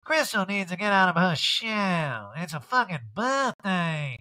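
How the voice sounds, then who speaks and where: A man doing a brassy deadpan woman star. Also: high voice, pitched above the performer's own voice, exaggerated voice. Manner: slow, deadpan, swearing.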